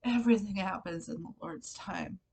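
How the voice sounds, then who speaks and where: A woman's voice: on the low side, moderate pace, vocal fry, far from the mic, slight background noise. A woman crying as she hosts her personal faith vlog, emotional and at times dropping to a whisper. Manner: tearful, emotional, with soft whispered moments. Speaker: vlogger. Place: bedroom at home.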